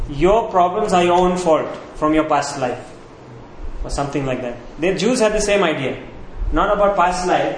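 Male preacher, high-pitched voice, questioning the congregation, heavy room echo. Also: a little hiss or hum. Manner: asks the congregation questions, repeats key phrases. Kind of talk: sermon. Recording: very echoey room with faint ambience.

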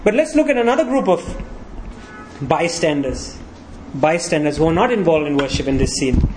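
A man's voice: a little high, sing-song, normal speed, darkish tone, slight background noise, low-quality recording. A pastor preaching a sermon, walking his congregation through scripture with frequent rhetorical questions.

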